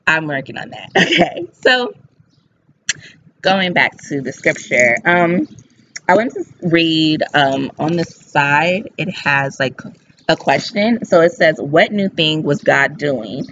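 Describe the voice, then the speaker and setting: An excited woman talks through a scripture passage in a casual devotional vlog. She talks in a quick, lively way and her pitch jumps around. The recording is slightly dull, with a faint hiss. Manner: excited, fast-talking, lively. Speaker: faith vlogger.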